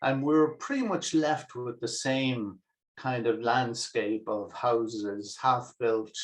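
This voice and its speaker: A man from Ireland joins an online discussion group. He talks in a steady, reflective way, with filler pauses as he works through his thoughts over a video call. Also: mid-range voice. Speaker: participant.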